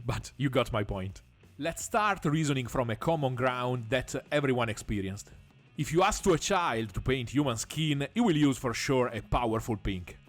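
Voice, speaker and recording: A man with a mid-range voice presents a painting tutorial from a script. His explanations are measured and broken by frequent short pauses, with a dry remark now and then.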